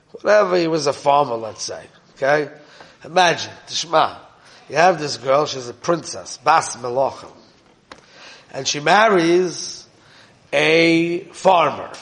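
A man's voice: fairly high pitch, fairly bright tone. A man teaching an informal Torah class in a conversational way, often asking his listeners questions and mixing in Hebrew terms.

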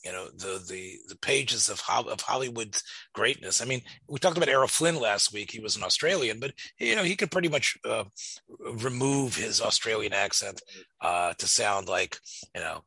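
A man's voice: on the low side, lively intonation, normal speed, gravelly, bright, forceful tone, husky, no echo. A man in a casual film discussion, rambling with many restarts and fillers.

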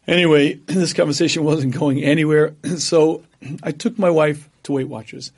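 A man lecturing on religion, his voice sitting fairly high for a man. He mixes stories with teaching, acts out the people in them, and keeps pausing to clear his throat. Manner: storytelling, animated quoting of others.

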